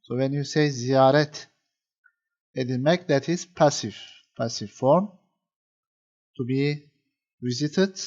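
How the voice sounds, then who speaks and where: A man's voice: medium pitch, slow, pauses often, darkish tone, lo-fi sound. Patient male grammar teacher. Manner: patient, repeats points, many fillers. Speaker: Turkish language teacher. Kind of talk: explaining grammar to viewers.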